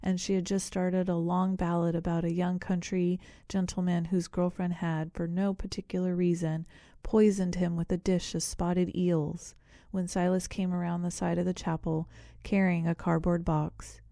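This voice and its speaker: Female audiobook narrator, measured storytelling, dark mellow tone. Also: lowish voice, flat delivery, creaky, no room sound, clean studio sound. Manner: measured storytelling with voiced characters. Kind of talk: scripted narration.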